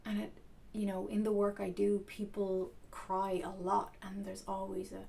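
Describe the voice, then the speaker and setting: A woman coach talking softly and earnestly to camera in an unhurried, reflective way. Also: medium pitch, monotone, vocal fry.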